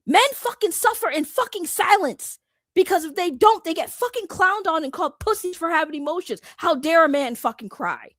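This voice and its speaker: High-voiced woman ranting bluntly. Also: expressive, normal speed, a bit bright, dry recording, clean studio sound. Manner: profane, blunt, fired-up slangy talk. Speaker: commentary YouTuber. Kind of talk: heated commentary rant.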